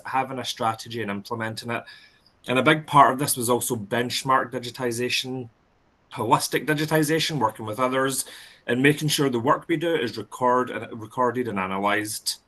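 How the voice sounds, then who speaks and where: A man's voice: medium pitch, pushed and bright. A Scottish man giving a webinar presentation over a video call, speaking steadily with frequent "um" fillers. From Scotland. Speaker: library speaker.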